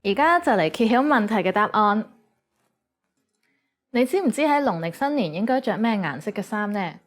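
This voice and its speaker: Woman teacher, scripted lesson narration, clear and measured, mid-pitched. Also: expressive. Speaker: language teacher.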